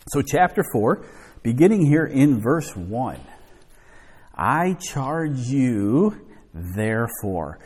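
A man's voice: medium pitch, husky. A man preaching an evening Bible study sermon, reading scripture aloud and stopping to stress its points. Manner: slow, emphatic reading with lively rises and falls. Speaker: pastor. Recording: long hall reverb.

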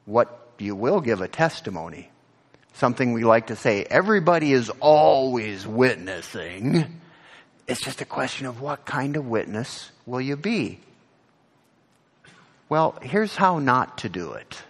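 A man preaches in a sanctuary with long reverb, and his voice swings widely in pitch. He has an ordinary middle register and climbs to loud emphatic peaks on scripture. He keeps putting direct questions to the congregation. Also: very animated, a little slow, husky. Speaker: pastor. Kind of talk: sermon.

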